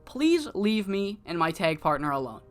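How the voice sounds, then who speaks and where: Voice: mid-range voice, big pitch swings, normal speed, soft background music, natural voice. A narrator doing a foul-mouthed disgusted female wrestler. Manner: profane, curt, dismissive.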